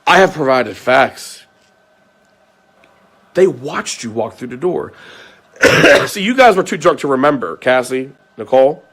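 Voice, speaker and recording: A man at an ordinary middle pitch airs a grievance straight to camera. He repeats himself, stumbles over restarts, and drops curses as he builds his case. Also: big pitch swings, unhurried, long pauses, a bit bright. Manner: aggrieved, repetitive, swears often. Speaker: vlogger. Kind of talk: ranting monologue to viewers.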